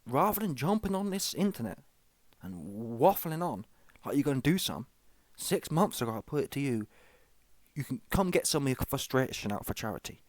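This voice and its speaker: A man's voice: medium pitch, sing-song, moderate pace, dry recording, natural voice. A man voicing a brash, cocky middle-aged boxing promoter who taunts a rival and keeps asking "yeah?". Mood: taunting.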